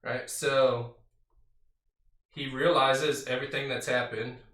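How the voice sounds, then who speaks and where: Bright-voiced man teaching Bible study. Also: mid-range voice, little pitch movement, slow. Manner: reads scripture aloud, then explains it conversationally with fillers and "right?". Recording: roomy sound from a distant mic.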